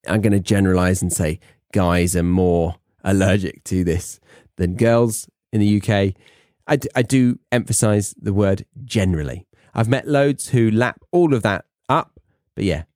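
Young british guy, host, low voice, casual self-deprecating monologue, dry close mic. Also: a little mellow, no echo. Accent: British English. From England. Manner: chatty, self-mocking, rambling asides. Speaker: podcast host. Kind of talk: casual monologue for English learners.

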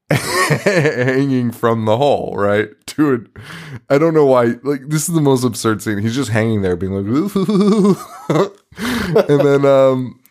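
A man in casual podcast chat, retelling scenes from a horror film. He swears freely and laughs often, slipping into short acted-out lines as he goes. His voice sits at an ordinary pitch for a man. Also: expressive, darkish tone. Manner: profane, laughing, acts out scenes in quick voices. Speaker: podcast co-host. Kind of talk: casual movie review chat.

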